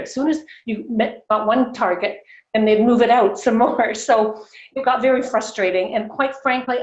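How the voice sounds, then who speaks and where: Lively woman in her 60s, roomy muffled call. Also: on the high side. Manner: animated, laughs often, acts out quoted dialogue. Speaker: guest. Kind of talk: storytelling on a video call. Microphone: video call.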